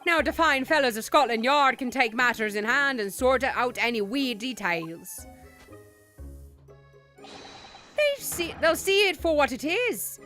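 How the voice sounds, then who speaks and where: A woman's voice: high voice, very animated, unhurried, long pauses, sharp tone, full character voice. A woman voicing a boastful middle-aged Irish tycoon in a hammy put-on Irish brogue, with faint game music behind. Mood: jovial boastful. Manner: hammy, jovial brogue with lilting rises.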